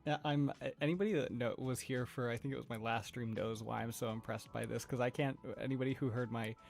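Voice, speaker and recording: A man in casual livestream chat, self-deprecating and quick to laugh. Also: mid-range voice, steady tone, gravelly, a little mellow. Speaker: streamer. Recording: faint music behind.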